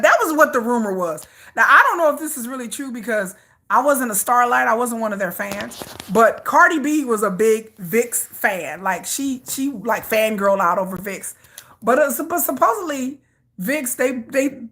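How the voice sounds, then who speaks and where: A young woman chatting casually while walking, animated and laughing, swinging from squeals to low mutters. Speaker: vlogger.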